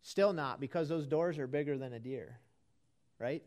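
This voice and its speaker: A man's voice: mid-range voice, moderate pace, a little mellow. A man preaching a folksy, conversational sermon to a live congregation in an auditorium, building to earnest emphasis.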